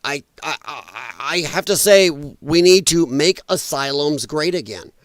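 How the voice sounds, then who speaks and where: A man's voice: on the high side, lively intonation, a little slow, fairly bright tone, no echo. A man hosting a podcast, delivering a heated, profane political rant in an emphatic, exasperated way. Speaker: podcast host.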